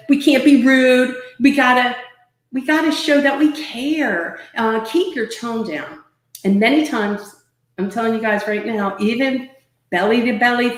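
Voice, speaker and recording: Emphatic woman coaching in an echoey room. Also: on the high side. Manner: emphatic, coaching, repeats herself often. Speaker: sales trainer and consultant. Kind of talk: motivational online talk. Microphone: webcam or laptop mic on a live video stream. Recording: roomy echo.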